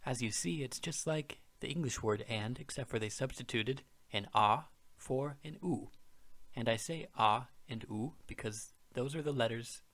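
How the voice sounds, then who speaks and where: A man's voice: medium pitch, normal speed, fairly bright tone. A man narrating a beginner language lesson, explaining words patiently and step by step. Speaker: language teacher.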